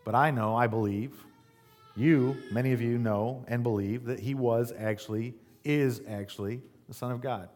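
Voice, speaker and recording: Guy preaching, reads scripture then drops in chatty asides, lots of "right?", mid pitch. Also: steady tone, moderate pace, a little mellow, soft background music. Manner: conversational asides with rhetorical "right?". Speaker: pastor. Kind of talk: sermon reading scripture with commentary.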